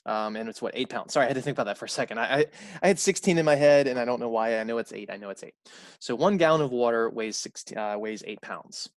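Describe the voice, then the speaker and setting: A man's voice: mid-range voice, quick pace, no room sound, studio quality. A man teaching a recorded college math lecture in a conversational way, repeating key points and correcting himself aloud.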